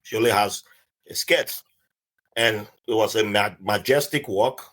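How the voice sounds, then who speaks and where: A man's voice: lowish voice, a little slow. A man from Nigeria with a Nigerian accent, a podcast guest telling a story and acting out the people in it. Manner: animated, acts out the voices of people in his stories. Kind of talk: storytelling in casual podcast chat.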